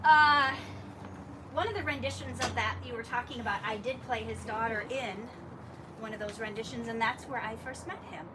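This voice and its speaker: A woman telling a lively story at a memorial gathering, laughing often and acting out the dialogue. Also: a little high, normal speed. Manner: animated, laughing, acts out dialogue. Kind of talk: storytelling tribute. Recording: distant mic with clear background noise.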